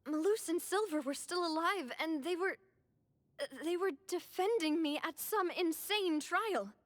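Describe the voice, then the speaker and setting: A woman's voice: very high voice, no room sound. A grieving young woman. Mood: sorrowful. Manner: soft, slow, sorrowful. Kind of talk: game voice acting.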